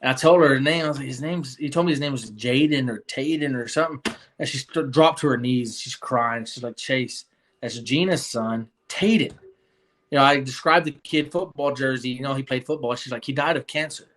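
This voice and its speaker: A man's voice: mid-range voice, a little fast, a bit bright. A young man telling his story in a casual interview, earnest and rambling, with many fillers and restarts. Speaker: guest.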